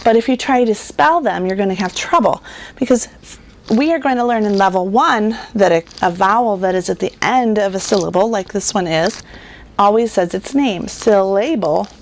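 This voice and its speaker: A woman who runs a reading curriculum, giving parents a patient, explanatory talk on teaching phonics and spelling and sounding words out slowly. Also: mid-range voice, slight background noise. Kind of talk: instructional talk to homeschool parents.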